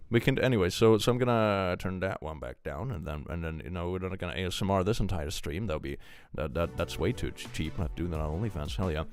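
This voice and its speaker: A man's voice: low-pitched, fast, no echo, clean studio sound. A young man chatting casually on a live stream, joking and laughing often.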